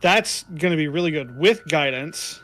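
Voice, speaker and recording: A man's voice: on the high side, animated, fairly bright tone. A man playing a tabletop game, chatting casually and playfully with frequent laughs. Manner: playful, laughing, halting restarts. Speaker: player.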